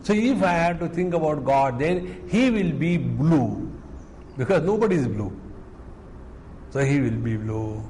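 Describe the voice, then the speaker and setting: Slow-talking Indian man giving a discourse. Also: on the high side, lively intonation, warm tone, slight background noise, rough recording. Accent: Indian English. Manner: slow, unhurried teaching with anecdotes and Sanskrit verses. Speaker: spiritual teacher. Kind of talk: scripture discourse.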